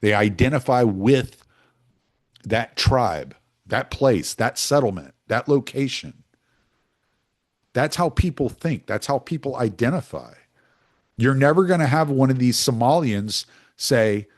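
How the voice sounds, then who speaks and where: A man with a medium-pitched, unhurried voice talks through his views in a casual monologue. He sounds animated and rambles, often restarting his sentences.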